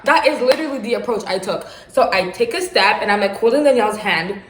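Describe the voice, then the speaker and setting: A young adult woman casually telling a dramatic personal story for her vlog, animated and slangy with bursts of laughter. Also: fairly high pitch, quick pace, a little hiss or hum. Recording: roomy echo.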